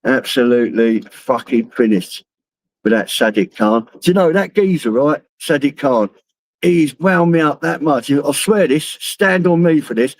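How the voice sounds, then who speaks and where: A man's voice: mid-range voice, expressive, a little slow, dry recording, poor audio. A middle-aged man with a London accent, chatting to his stream viewers on his phone while driving, rambling and swearing freely. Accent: London English. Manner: rambling, heavy swearing, laughs at own stories. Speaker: live streamer. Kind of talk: casual live-stream chat while driving.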